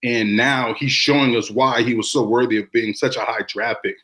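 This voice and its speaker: Reflective man coaching high school football. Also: normal speed. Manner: relaxed, reflective, many fillers. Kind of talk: casual sports talk.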